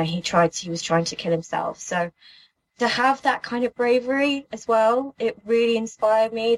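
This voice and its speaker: A young woman from the UK telling a personal story in an earnest, halting way, with many restarts. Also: medium pitch, low-quality recording. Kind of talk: emotional personal account.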